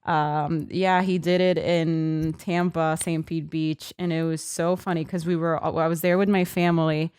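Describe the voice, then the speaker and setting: A woman's voice: unhurried, hardly any pauses, clean tone, no room sound. Young woman in her 20s telling a wild story, acts out the quotes, dry close mic. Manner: lively, acts out quotes with big pitch jumps. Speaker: podcast guest. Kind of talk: animated storytelling.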